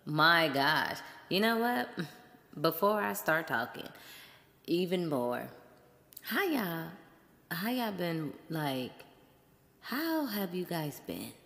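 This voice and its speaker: A woman hosts her show alone in loose, playful chat and laughs easily. Her voice sits low and her pace is unhurried. A long, hall-like reverb trails behind every word. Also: big pitch swings, vocal fry, a bit bright. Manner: playful, chatty, laughs often. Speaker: podcast host. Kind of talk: casual solo chat.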